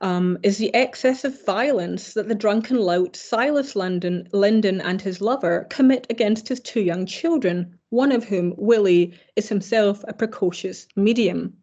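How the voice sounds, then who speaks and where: A woman's voice: mid-range voice, a little slow, hardly any pauses, a little mellow. A woman giving an academic keynote lecture, hesitant with fillers and self-corrections, with dry wry asides. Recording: slightly dull lo-fi recording.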